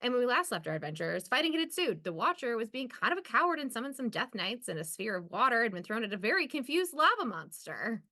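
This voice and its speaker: A woman's voice: a little high, sing-song, fast talker, hardly any pauses, pushed and bright. A woman player in a streamed tabletop game, joking playfully and tripping over her words, who also reads the recap. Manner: playful, laughing, tongue-tangled. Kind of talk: casual chat and read recap.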